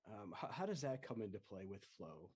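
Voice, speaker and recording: A man hosting a podcast, asking questions in a hesitant way with many pauses and fillers. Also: fairly low pitch, big pitch swings, darkish tone, slightly rough. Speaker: podcast host. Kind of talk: conversational interview questions.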